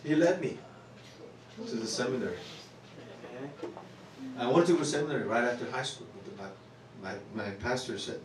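Earnest Korean-accented pastor in a roomy hall. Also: male voice, mid-range voice, normal speed, pauses often, noisy background. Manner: earnest, repetitive, builds to loud exclamations. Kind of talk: sermon. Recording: roomy church hall, distant mic.

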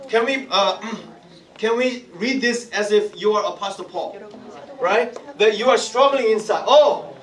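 A man's voice: high voice, measured pace, fairly bright tone. A man preaching to a congregation in an interactive sermon, teasing and laughing as he calls on people to answer. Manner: playful, teasing, laughs often, calls for responses. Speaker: pastor leading Bible study. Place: church hall with congregation. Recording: echoey room, from far off, crowd.

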